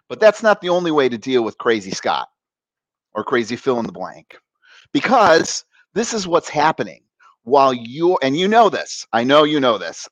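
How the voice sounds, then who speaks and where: An animated man talking as a coach in an interview, often slipping into the voices of people he quotes. His pitch sits in the middle range. The sound is dry and close, with no room echo. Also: dull audio. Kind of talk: conversational interview.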